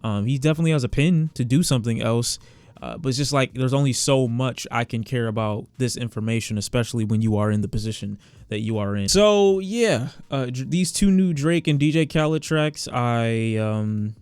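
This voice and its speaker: A man talks through his casual reaction to new songs, candid and quick with sarcastic asides. His voice is smooth and clear at a middle pitch. It is recorded close up and dry. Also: darkish tone, no echo. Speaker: music reviewer.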